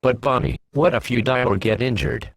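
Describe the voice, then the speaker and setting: A man voicing a young woman who frets about her soldier boyfriend, in a soft, fretful way. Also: mid-range voice, moderate pace, gravelly, no room sound. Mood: worried.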